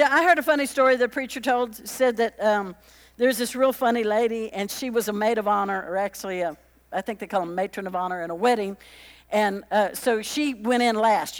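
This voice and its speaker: A woman preaching a lively, conversational sermon, chatty and joking with the congregation as she acts out little quotes. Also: medium pitch, in a large hall.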